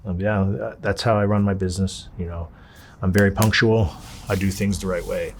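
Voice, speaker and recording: A man from Los Angeles, an interview guest, telling his story in a casual, animated way. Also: low-pitched, moderate pace, a little hiss or hum. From Los Angeles, USA. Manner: animated, acts out quoted dialogue.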